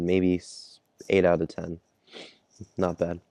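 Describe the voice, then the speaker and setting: A man's voice: sits low, monotone, slow, vocal fry, mellow, dry recording, clean studio sound. A man casually reviewing a manga chapter, laid-back, chuckling and thinking aloud. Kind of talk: casual chapter read-along.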